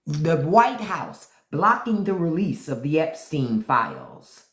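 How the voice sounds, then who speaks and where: Profane ranting livestream host, lively pitch, roomy echo. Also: slow pace. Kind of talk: unscripted live-stream commentary.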